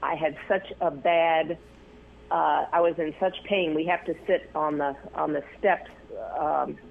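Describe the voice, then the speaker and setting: Man, gravelly husky voice, slightly high pitch, rambling interview guest, thin phone-line sound. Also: steady tone, measured pace. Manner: rambling, many fillers and restarts. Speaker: news photographer, interview guest. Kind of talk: casual interview storytelling.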